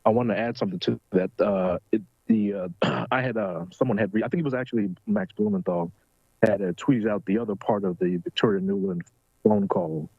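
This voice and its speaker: A man's voice: on the low side, expressive, brisk, creaky, husky, no room sound, dull audio. A man co-hosting a casual talk show, speaking hesitantly with many fillers and restarts.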